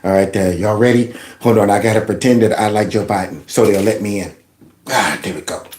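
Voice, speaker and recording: Man doing a hushed low sneaky voice. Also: a little fast, echoey room, lightly acted.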